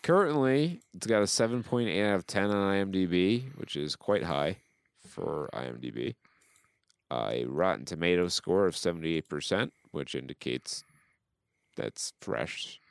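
A man's voice: low-pitched, expressive, unhurried, vocal fry, smooth, no room sound. A man hosting a podcast in casual chat, joking and reading reviews aloud with dramatic flair. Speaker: podcast host.

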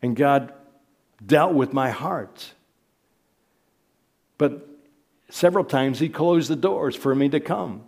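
A man's voice: mid-range voice, lively intonation, takes it slowly, vocal fry, pauses often, darkish tone. A middle-aged man preaching a sermon, earnest and repeating phrases for emphasis.

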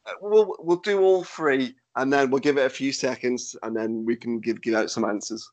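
A man hosting a podcast in casual chat, with a nasal, fairly monotone voice, swearing and laughing easily. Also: medium pitch, normal speed. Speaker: podcast host.

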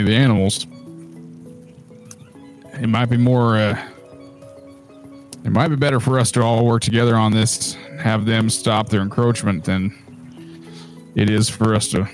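Man, tabletop player in character, low voice, hesitant, faint music. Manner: hesitant, halting. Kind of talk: in-character tabletop role-play.

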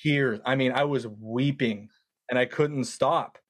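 A man casually telling a long story, animated and quoting himself often with words like "dude". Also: medium pitch, a little slow, dry recording, clean studio sound. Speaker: podcast guest.

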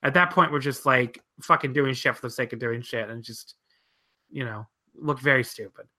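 A woman's voice: rumbling low, normal speed. A woman co-hosting a casual wrestling chat, telling stories with lots of swearing and cackling laughs. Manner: profane, animated storytelling, cackling laughs.

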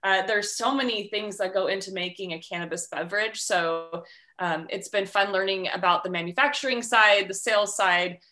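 A woman's voice: medium pitch, moderate pace. A woman talking as a podcast guest, explaining at length in a friendly way, with ums and light laughs. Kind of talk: casual interview chat.

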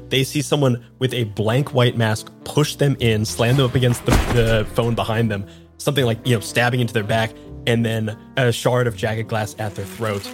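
A male game master describing a tense scene in a casual, chatty way, full of little fillers. His voice sits at a middle pitch, with faint music playing under it. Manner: vivid, casual, many fillers. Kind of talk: narrating a tabletop game.

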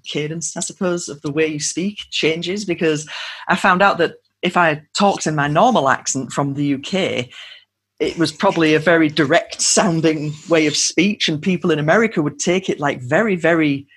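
A woman's voice: sits low, normal speed, husky. A woman, a guest chatting casually and laughing often. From northern England. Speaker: podcast guest. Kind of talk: casual interview chat.

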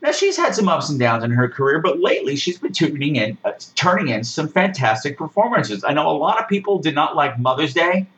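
Sarcastic podcast host with a lively voice. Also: mid-range voice, a little fast, few pauses, low-quality recording. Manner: sarcastic, exasperated, swears freely. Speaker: podcast host reviewing horror movies. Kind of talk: casual ranting movie review.

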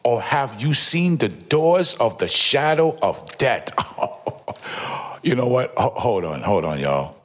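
A man's voice: medium pitch, sing-song, slow. A man giving an informal, emphatic Bible commentary, often repeating himself and exclaiming in awe. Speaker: Bible teacher.

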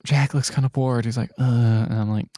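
A man co-hosting a podcast, casually recapping a movie with plenty of swearing and quick voices for the characters. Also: mid-range voice, fairly even intonation, mellow, no echo, studio quality. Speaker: podcast co-host.

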